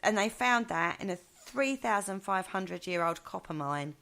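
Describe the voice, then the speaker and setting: A woman's voice: mid-range voice, lively intonation, a little slow, bright, forceful tone. A female co-host chatting on a live show, giggly and enthusiastic.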